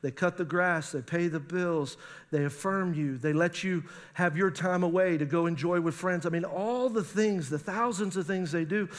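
A middle-aged male pastor preaching a sermon on marriage, animated and acting out spouses' voices. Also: sits high, moderate pace.

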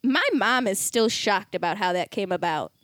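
A woman's voice: mid-range voice, lively intonation, normal speed, a bit bright, dry recording, studio quality. A woman chatting as a podcast guest, making self-mocking jokes and laughing often in casual, crude banter.

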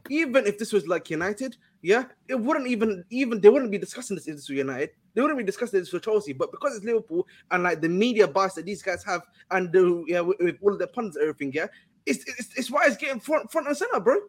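A man arguing about football in a casual debate, excitable, repeating words and calling others bro. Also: high voice, fast talker. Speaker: football pundit.

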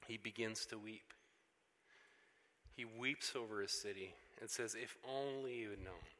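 A male pastor delivers a sermon in a bright, sharp-edged voice. He is animated, acting out the voices of people in the story and rising to emphatic runs. A long reverb trails every phrase, as in a large church hall. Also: fairly low pitch, unhurried.

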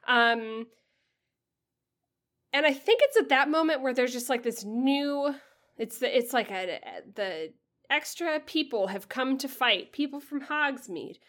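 A woman's voice: sits high, lively intonation, unhurried, a bit bright. A woman co-hosting a casual book podcast, summarizing a chapter in a chatty, filler-heavy way and tossing off breezy mock quotes. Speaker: podcast co-host.

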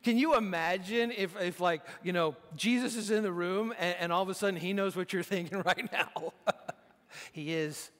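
High-voiced preacher in a reverberant hall. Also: male voice, normal speed, fairly bright tone. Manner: conversational preaching with frequent restarts. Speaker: pastor. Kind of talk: sermon.

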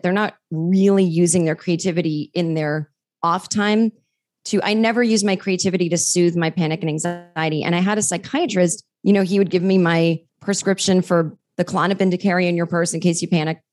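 A woman's voice: lowish voice, brisk. A woman who is a comedian guest on a podcast, chatting casually and acting out the voices in her stories. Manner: animated storyteller who acts out quotes.

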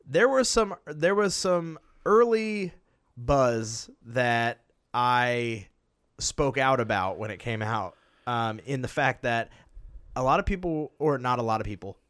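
Animated, excitable man swearing casually. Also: medium pitch, slow pace, dry recording, studio quality. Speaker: podcast co-host. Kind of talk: casual chat.

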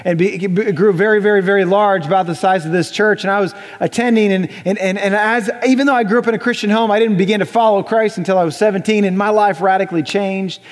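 A young adult man preaching a sermon in a church, conversational and animated, often acting out voices. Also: high voice, quick pace, hardly any pauses. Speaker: pastor. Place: church sanctuary. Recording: church hall reverb.

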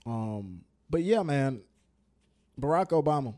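A man co-hosting a casual podcast, with a mellow, dark tone at an ordinary pitch. He speaks bluntly and insistently, curses plainly, and holds his ground. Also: very animated, takes it slowly. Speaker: co-host of a podcast. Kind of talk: casual chat.

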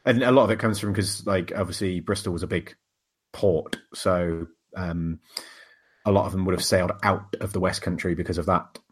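A man's voice: deep voice, fairly even intonation, moderate pace, husky. A man co-hosting a casual podcast, laughing often and steering the talk between segments. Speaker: podcast co-host. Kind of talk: casual chat.

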